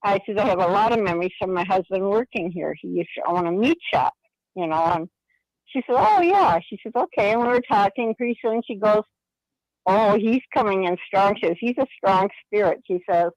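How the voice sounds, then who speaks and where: A woman's voice: medium pitch, fairly quick, darkish tone, no room sound. An older woman calling into a radio show, retelling a story in a chatty way with lots of quoted dialogue. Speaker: caller. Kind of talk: phone-in storytelling. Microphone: phone. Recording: dry telephone line.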